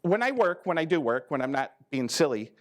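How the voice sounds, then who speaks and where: Male speaker with a high pitch, folksy and teasing, for a live farm-conference talk to a crowd. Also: sing-song, fairly quick. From American Midwest. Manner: folksy, teasing, acts out quoted farmers with big pitch jumps. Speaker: ag risk management advisor giving a talk. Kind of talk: joking conference talk to farmers. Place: conference learning center room with a live audience.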